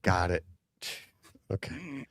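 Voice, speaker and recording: A man with a gravelly voice whose pitch swings widely, co-hosting a casual home theater chat. He laughs often and acts out favorite movie lines, and the recording is dry and close. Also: very animated, slow pace, no room sound. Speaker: co-host.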